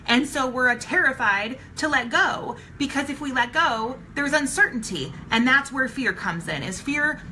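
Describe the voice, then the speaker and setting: A woman's voice: high-pitched, expressive, normal speed, hardly any pauses, bright, forceful tone, slight background noise, rough recording. A woman giving a live-streamed motivational talk, emphatic and blunt, swearing casually and repeating her points for emphasis. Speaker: motivational speaker.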